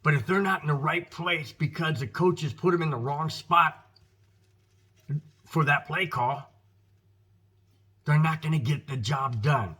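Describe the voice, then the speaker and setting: Male American host, fired-up football rant, husky bright voice, a touch high. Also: measured pace, pauses often. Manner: emphatic, frustrated, addresses viewers as guys. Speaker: sports podcast host. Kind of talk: opinionated football commentary.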